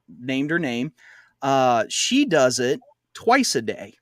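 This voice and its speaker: A man's voice: medium pitch, lively intonation, slow, dry recording. A man co-hosting a podcast, telling a long trail story in casual chat, rambling with fillers and laughing often. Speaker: podcast co-host.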